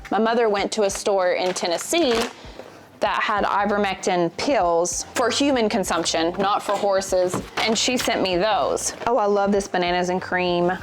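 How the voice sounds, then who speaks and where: A woman's voice: medium pitch, a little slow, noisy background. Chatty Southern woman vlogger. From American South. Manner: chatty, candid, jokey asides. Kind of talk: casual chat while decluttering.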